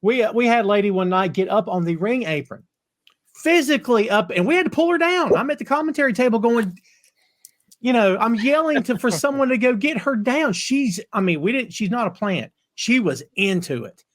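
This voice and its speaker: A man hosting a casual podcast chat who tells animated anecdotes. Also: very high voice, fairly quick. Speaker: podcast host.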